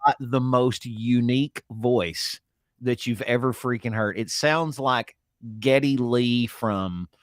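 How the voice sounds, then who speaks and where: A man's voice: mid-range voice, slow pace, dry recording. A man chatting casually as co-host of an internet show. He rambles, restarts his sentences and fills the gaps with "uh". His voice sits mid-range and sounds close and dry, with no room around it. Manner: rambling, with many fillers and restarts. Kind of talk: casual morning chat.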